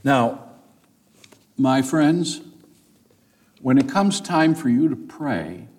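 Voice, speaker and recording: A man's voice: mid-range voice, very animated, extremely slow, a little mellow. A man preaching a sermon as pastor, speaking earnestly to his congregation, telling stories and building to emphatic peaks. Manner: addresses the congregation directly, with storytelling asides.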